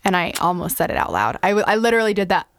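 A young woman co-hosts a podcast in chatty, teasing talk and laughs easily. Her voice sits at a middle pitch for a woman. It is recorded close and dry. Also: big pitch swings, rapid-fire, no echo. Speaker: podcast co-host. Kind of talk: casual chat.

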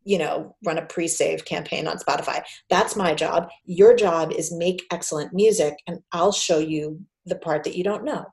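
A woman's voice: low voice, normal speed, creaky, few pauses. A woman in her forties, a PR agency founder, telling vivid stories as a podcast guest. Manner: animated storyteller, acts out quoted voices. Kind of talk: casual storytelling interview.

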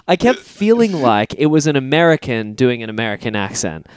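A man co-hosting a casual film discussion podcast, talking in an animated, excitable way with frequent swearing and quick reactions. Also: medium pitch, clean tone, no room sound. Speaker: podcast co-host.

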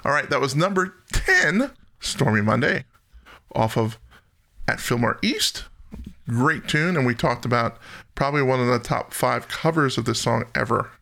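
Man, podcast host, gravelly voice, bright tone, jokey and self-deprecating, casual chat. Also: mid-range voice, sing-song, normal speed. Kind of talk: casual music-talk chat.

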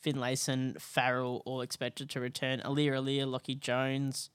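A man's voice: medium pitch, monotone, normal speed, a bit bright, smooth, dry recording. A man co-hosting a sports podcast, easygoing as he reads out listener questions. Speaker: podcast co-host reading listener mail. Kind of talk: casual sports chat.

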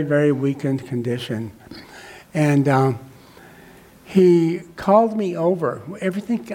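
A man's voice: mid-range voice, a little mellow. An older man telling his recovery story to a group, rambling and reflective with many fillers and restarts. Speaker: recovery meeting speaker. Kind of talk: personal testimony to a group.

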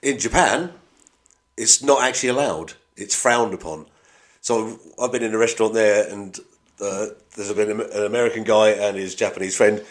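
A man's voice: on the low side, moderate pace. A British man co-hosting a podcast, chatting in an easygoing, casual way. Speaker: podcast co-host. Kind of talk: casual chat.

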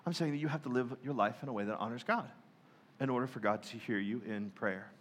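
A male pastor giving a lively sermon, joking and acting out people's prayers in mock voices. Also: mid-range voice, fast talker, a little hiss or hum.

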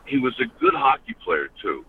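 A man's voice: mid-range voice, wildly swooping pitch, normal speed. An older American man and former hockey enforcer, telling rambling stories as a podcast guest, often saying "you know". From United States. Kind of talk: casual storytelling. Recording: tinny phone line with faint hiss.

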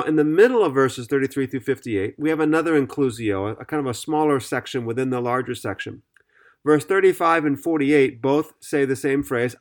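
A man teaching on a podcast Bible study, reading scripture aloud and explaining it in an earnest, methodical way. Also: mid-range voice.

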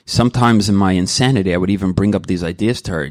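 A man's voice: lowish voice, expressive, fast talker, hardly any pauses, a little mellow, no echo, studio quality. A middle-aged man giving an earnest, rambling personal testimony at a recovery meeting, full of restarts and candid emotion. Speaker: member sharing at a recovery meeting.

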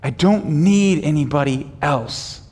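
A man preaching a sermon as pastor, swinging between quiet, measured passages and loud, rising emphasis, calling the congregation to repeat lines after him. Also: fairly high pitch, slightly rough. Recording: long reverb of a large hall.

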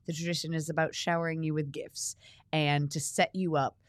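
A woman's voice: low-pitched, fairly quick, dry recording. Giggly woman podcaster, dry close sound. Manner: giggly, animated, laughs often. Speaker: podcast co-host. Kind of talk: casual chat.

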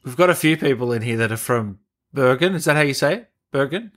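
Lively jokey Australian man. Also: medium pitch, fast talker. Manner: jokey, laughs easily. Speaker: interview host. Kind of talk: casual interview chat.

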